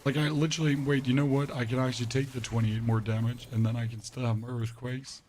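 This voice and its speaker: A man streaming a game live and chatting to his viewers while playing, his voice pushed deeper and hoarse, with little emphasis. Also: little pitch movement, fast, darkish tone. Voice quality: voice pushed deeper than usual, less emphasis. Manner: chatty, rambling, talks to chat while playing. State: voice sounds off, hoarse. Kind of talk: live gameplay commentary to chat.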